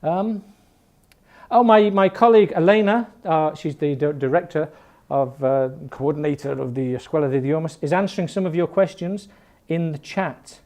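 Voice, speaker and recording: A man's voice: fairly high pitch, moderate pace, a little mellow. A man in his fifties with an educated Northern English accent, giving a chatty, jokey online class as an English teacher, often restarting his sentences. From Northern England. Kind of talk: informal online class talk.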